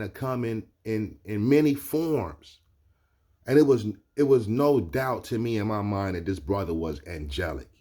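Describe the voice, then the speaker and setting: A man's voice: fairly low pitch, darkish tone. A man casually telling a personal story, loose and conversational, with constant check-ins to the listener. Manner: loose and conversational, keeps asking "you know what I'm saying". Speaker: vlogger.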